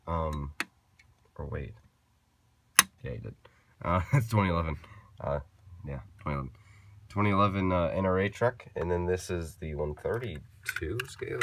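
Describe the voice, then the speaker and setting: A young man casually showing his diecast car collection to viewers, rambling, correcting himself and joking as he goes. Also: sits low. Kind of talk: casual chat to camera.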